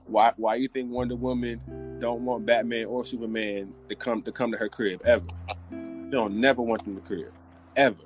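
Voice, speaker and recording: A man hosting a podcast, ranting in casual chat in an animated, joking way with loose slang. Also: mid-range voice, normal speed, soft background music. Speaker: podcast host.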